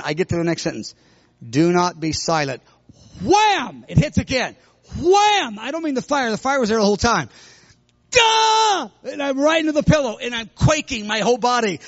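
A middle-aged man preaching, telling a personal story with sudden loud outbursts. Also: high voice, dry recording, dull audio. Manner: animated, bursts into loud shouts when retelling. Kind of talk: sermon testimony storytelling.

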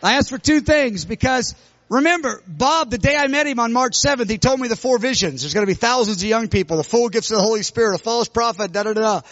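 A middle-aged man preaching, telling a personal story with sudden loud outbursts. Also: extremely high pitch, fast, dry recording, dull audio. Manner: animated, bursts into loud shouts when retelling. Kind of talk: sermon testimony storytelling.

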